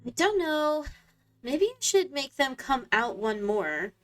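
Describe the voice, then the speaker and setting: A woman's voice: high voice, sing-song, slow. A woman streamer giving casual gameplay commentary, musing aloud to herself in a hesitant way. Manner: muses aloud, hesitant and self-talking.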